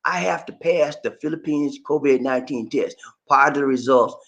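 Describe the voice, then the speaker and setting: A man hosting a casual livestream, reading viewer comments aloud and reacting to them in a lively, talkative way. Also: mid-range voice, normal speed. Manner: animated, shouts catchphrases, reads comments aloud and reacts.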